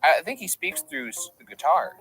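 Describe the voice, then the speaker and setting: A man's voice: a little high, very animated, normal speed, fairly bright tone. A man chatting casually and joking hesitantly at a backyard campfire. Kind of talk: casual chat.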